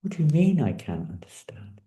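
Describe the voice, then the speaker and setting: A man voicing a tender divine lord who gently questions his queen, as part of a told story. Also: lowish voice, very animated, normal speed, echoey room.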